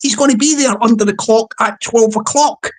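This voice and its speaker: A woman's voice: on the high side, normal speed. A woman hosting her own channel in a chatty, mocking monologue, often laughing and repeating words. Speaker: channel host. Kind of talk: casual rambling vlog monologue.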